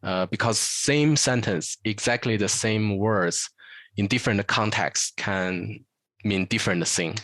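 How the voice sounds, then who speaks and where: Man, Chinese accent, lowish voice, dry close sound, halting teacher explanations. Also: a bit bright, no echo. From northern China. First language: Mandarin Chinese. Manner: hesitant, many "uh" fillers, models Mandarin phrases. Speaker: Chinese teacher, interview guest. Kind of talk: casual interview chat.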